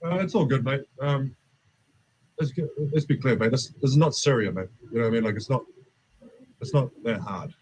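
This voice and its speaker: A man with a New Zealand accent, a basketball player giving relaxed, self-deprecating interview answers and calling everyone mate. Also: medium pitch, brisk, husky, rough recording. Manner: laid-back, self-deprecating, says "mate" constantly.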